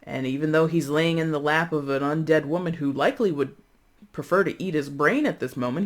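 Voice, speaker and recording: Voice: medium pitch, fairly quick. Chatty, laughing tarot reader. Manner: chatty, laughs often, frequent "right?" and "like"; playful asides, drops into mock voices. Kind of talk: casual tarot reading monologue.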